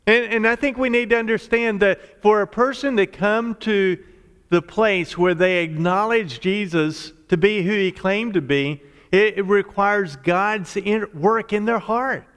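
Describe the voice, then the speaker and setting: A man preaching a sermon, explaining scripture in a measured, emphatic way. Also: high voice, a bit bright, clear, resonant tone, long reverb tail. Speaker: pastor.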